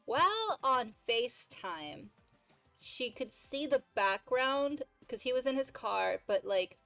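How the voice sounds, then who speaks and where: A woman's voice: high-pitched, big pitch swings, slow, sharp tone, no room sound, faint music behind, poor audio. A woman streamer retelling a story in a casual, chatty way, full of fillers and exasperated asides.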